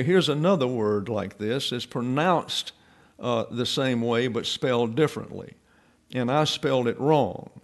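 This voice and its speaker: Middle-aged male Bible teacher, scholarly and wry, working through a text with frequent fillers. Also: mid-range voice. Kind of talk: verse-by-verse Bible lesson.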